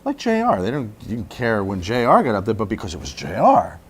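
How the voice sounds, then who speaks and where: A man hosting a podcast, prodding his guests with questions and wisecracks in a lively way. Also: lowish voice, a little fast, a loud crowd. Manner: lively, wisecracking interviewer who prods with questions. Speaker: podcast host. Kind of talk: conversational podcast chat.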